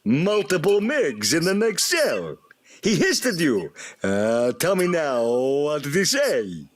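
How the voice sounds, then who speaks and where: A man's voice: a little high, huge pitch swings, full character voice. A man doing a sly, menacing cartoon bear. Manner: sly, teasing, drawn-out. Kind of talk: live staged script reading.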